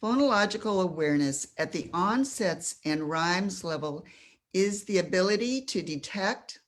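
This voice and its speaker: A woman presenting slides to parents in a workshop, explaining in an informal way and adding small asides while she handles the slides. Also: fairly low pitch. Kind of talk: presenting slides in a live session.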